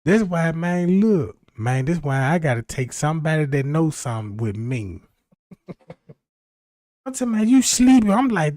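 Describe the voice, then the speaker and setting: Guy with a pretty high voice rambling and cussing on his stream, dry close sound. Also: big pitch swings, normal speed, warm tone, no room sound. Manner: loose, profane, rambling, keeps asking "you know what I'm talking about". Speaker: livestream host. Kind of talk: rambling comedic storytelling on a livestream.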